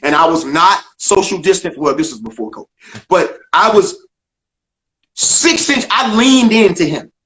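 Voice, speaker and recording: Recorded in an echoey room, an older male comedian appears as a guest in a video interview, unhurried and animated with a fairly bright tone. He tells his story emphatically, acting out dialogue and swinging his pitch widely.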